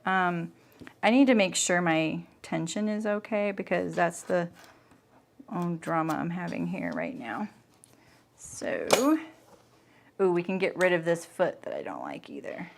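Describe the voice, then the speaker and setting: A woman's voice: on the low side, a bit bright. A woman hosting a sewing livestream, chatting casually and thinking aloud as she works, with frequent laughs. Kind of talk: casual chat while sewing.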